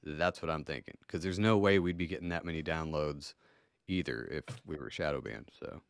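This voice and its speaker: A man's voice: extremely low pitch, fairly quick, vocal fry, no echo, studio quality. A man hosting a podcast in casual chat, laid-back, swearing freely and joking crudely. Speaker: podcast host.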